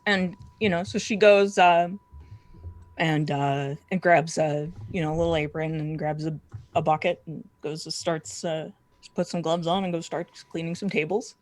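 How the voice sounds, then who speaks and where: A player in a tabletop role-playing game describing a character's actions, halting with fillers. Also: medium pitch, fairly even intonation, no room sound.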